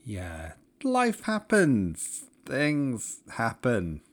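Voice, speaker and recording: A man's voice: mid-range voice, huge pitch swings, extremely slow. A man co-hosting a casual podcast chat, with a wry, understated teasing manner. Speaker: podcast co-host.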